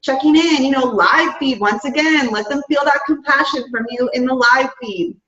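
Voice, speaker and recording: A woman's voice: sits high, normal speed, bright, forceful tone. A woman giving an upbeat, chatty motivational talk to her business team, often saying "guys" and "right?". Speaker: fitness business coach. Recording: roomy, distant, dull-sounding mic.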